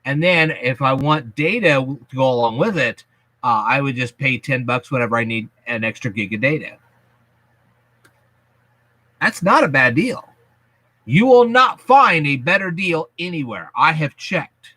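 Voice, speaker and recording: A man's voice: mid-range voice, expressive, a little slow, bright, forceful tone, no room sound. A man hosting a casual vlog, explaining things to his viewers in a folksy, chatty, emphatic way. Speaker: YouTube channel host.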